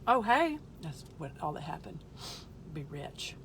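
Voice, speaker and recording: Casting note: woman host, livestream comic storyteller, animated and exaggerated. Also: low voice, unhurried, vocal fry, slight background noise. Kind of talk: comic storytelling on a live stream.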